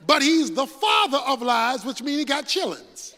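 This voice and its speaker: A man's voice: very high-pitched, lively intonation, moderate pace, few pauses, bright, forceful tone, slight background noise. A man preaching a sermon with rising emphasis and folksy storytelling before a congregation. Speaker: pastor. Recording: reverberant hall recording.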